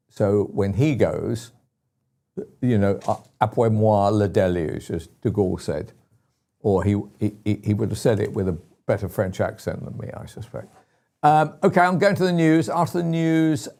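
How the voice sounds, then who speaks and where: A man's voice: on the low side, mellow. A man with a British accent hosting a talk radio show, rambling and exasperated, with lots of fillers and restarts. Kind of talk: opinionated talk radio chat.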